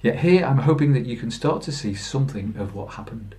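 Man, preacher, sermon, earnest storytelling, middle pitch, restarts. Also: animated, fairly quick, a little mellow. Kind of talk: Good Friday sermon. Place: church.

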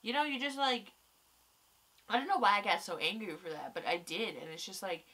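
A young woman in casual chat, reviewing a TV episode, rambling and excitable, swearing a lot, tired and stuffy-nosed from crying. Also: medium pitch, a little fast, breathy edge.

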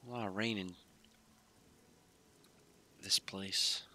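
A man's voice: low-pitched, steady tone, slow pace, pushed and bright. A man casually commenting on his gameplay in a laid-back, drowsy, mumbling way. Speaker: gaming YouTuber.

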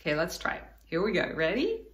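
A woman's voice: fairly low pitch, wildly swooping pitch, fast talker, fairly bright tone. A woman giving a children's Bible lesson at home in her living room, cheerful and encouraging as she talks straight to the kids. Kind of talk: teaching young children, with singing.

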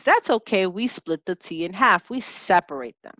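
A woman teaching a lesson, sounding out letters and syllables slowly and clearly as an instructor. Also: medium pitch, expressive, a bit bright, dry recording, highs cut off. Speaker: teacher and test-prep instructor.

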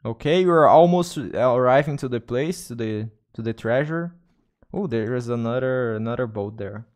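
A man's voice: medium pitch, normal speed, a little mellow. A man with a Brazilian Portuguese accent, streaming a game and chatting to viewers in English, often repeating and restarting his words. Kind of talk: casual gaming livestream chat.

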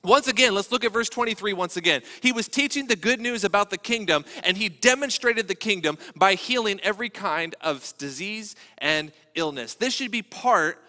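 A man's voice: high-pitched, expressive, moderate pace, hardly any pauses, sharp tone, big-room sound. A male pastor preaching a sermon in a church, conversational and joking, sometimes acting out the people he quotes. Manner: conversational, joking asides, acts out quoted voices. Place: church sanctuary.

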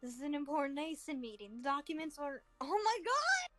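A young woman co-hosting a game let's play, excitable and swearing, throat strained. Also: sits high, fairly quick, over music. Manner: excitable, swears, tries joke accents. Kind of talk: casual gaming chat.

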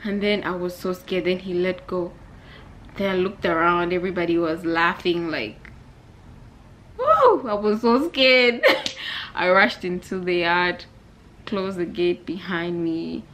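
A woman's voice: fairly low pitch, unhurried, slight background noise. Chatty young woman. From Zambia. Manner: animated, chatty, addresses viewers directly. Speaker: vlogger. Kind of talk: casual storytime vlog.

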